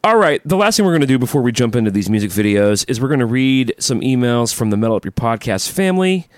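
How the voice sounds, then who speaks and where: A man co-hosts a podcast with an animated, swinging delivery. He is enthusiastic and jokes often. The sound is close and dry. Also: medium pitch, fast, no echo. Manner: lively, enthusiastic, jokey. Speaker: podcast co-host. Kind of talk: casual podcast chat.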